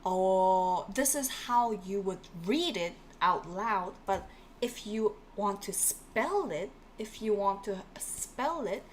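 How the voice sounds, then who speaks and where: A woman's voice: mid-range voice, expressive, slow pace, slight background noise. A woman teaching a live online language class, encouraging her students and repeating each word again and again, with frequent laughs. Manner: encouraging, repeats words for drilling; laughs often, playful asides.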